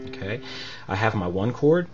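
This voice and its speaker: A man's voice: fairly low pitch, sing-song, normal speed, lo-fi sound. A man teaching a recorded music lesson, explaining patiently with many fillers between demonstrations.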